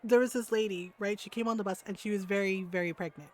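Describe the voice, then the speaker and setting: A woman streaming a game from home at a desk mic, telling a story in casual chat, animated and laughing as she acts out the people in it. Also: medium pitch, fast talker.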